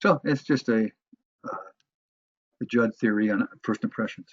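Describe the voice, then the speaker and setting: A man lectures on phone sales in a halting way, restarting his sentences often. His voice is husky and mid-pitched. The recording is dull and dry, with no room sound. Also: dry recording. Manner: halting, many restarts and fillers. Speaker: sales trainer.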